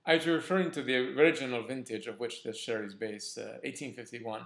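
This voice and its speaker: A man's voice: medium pitch, steady tone, fairly quick, vocal fry, fairly bright tone. A man doing a poor impression of a dry, witty British male spy, with a weak attempt at an English accent. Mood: smug. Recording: roomy echo.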